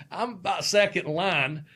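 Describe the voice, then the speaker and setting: A man's voice: high voice, unhurried, bright, forceful tone, breathy edge. A man hosting a podcast, telling a profane story and laughing through it. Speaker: podcast host, former wrestler. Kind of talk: casual storytelling.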